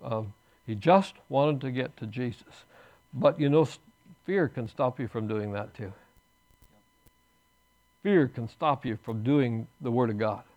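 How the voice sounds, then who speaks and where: Male pastor, mid-pitched, earnest sermon delivery with emphatic bursts, in church. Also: measured pace, pauses often, darkish tone, dull audio. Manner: earnest preaching with restarts, rising to emphatic bursts.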